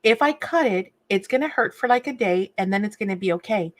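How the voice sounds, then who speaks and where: A woman talks casually through a crafting livestream, her pitch sitting in the middle of the range. She chats with viewers as she works, fussing now and then over a sore nail. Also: animated, a little fast. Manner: chatty, reads viewer comments, fusses over a sore torn nail. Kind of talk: casual live chat while crafting.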